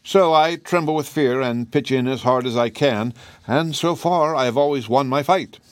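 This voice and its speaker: A man voicing a meek, mild-mannered male lion in a storybook reading, speaking politely and gently. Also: mid-range voice, moderate pace, dry recording, voice pushed up, close to an everyday voice.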